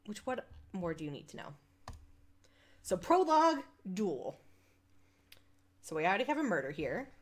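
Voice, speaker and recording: A woman's voice: mid-range voice, very animated, normal speed, long pauses. A young woman streaming a visual novel, chatting casually and reading the text aloud, rambling and laughing at herself. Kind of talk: casual let's-play chat and reading aloud.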